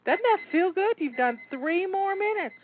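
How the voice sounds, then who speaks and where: A woman's voice: very high-pitched, expressive, normal speed. A woman coaching listeners through a cleaning session, encouraging and coaxing, a bit out of breath. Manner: encouraging, coaxing, repeats words. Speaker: home organizing coach. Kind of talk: motivational cleaning pep talk. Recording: dry tinny phone-like sound.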